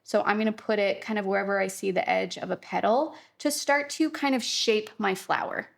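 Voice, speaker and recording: A woman's voice: mid-range voice, brisk, vocal fry. A young adult woman teaching a casual watercolor painting tutorial, chatty and reassuring. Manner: chatty, upbeat, reassuring, lots of fillers like "kinda".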